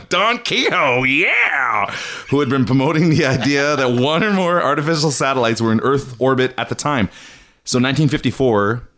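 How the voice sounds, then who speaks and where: Man, podcast host, mid-pitched voice, casual chat, laughs a lot. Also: fairly quick. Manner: chatty, laughing, acts out the people he talks about.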